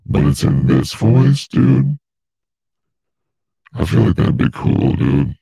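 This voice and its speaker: A gravelly devil growl. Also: male voice, very deep voice, sing-song, slow pace, mellow, no echo, pitched below the performer's own voice, exaggerated voice. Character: the devil, deep gravelly male demon.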